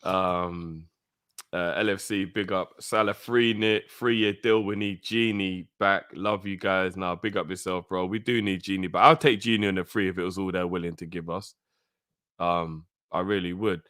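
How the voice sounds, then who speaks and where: A man co-hosting a football fan call-in show, laid-back and slangy, giving shout-outs. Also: low voice, fairly even intonation, moderate pace, clear, resonant tone, dry recording, clean studio sound. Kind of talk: casual chat.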